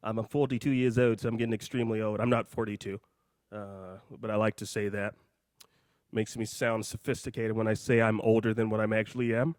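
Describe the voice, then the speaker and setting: A man hosting a live call-in show, out of breath, talking in a hyped, jokey, rambling way that swings between loud and soft. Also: fairly low pitch, level tone, fairly quick, no echo, clean studio sound.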